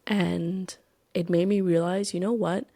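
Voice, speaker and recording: A woman's voice: lowish voice, fairly even intonation, unhurried, vocal fry, warm tone, no echo, studio quality. A young adult woman hosting a podcast, talking candidly and emphatically about her own life, swearing for emphasis. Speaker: podcast host. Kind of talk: personal podcast monologue.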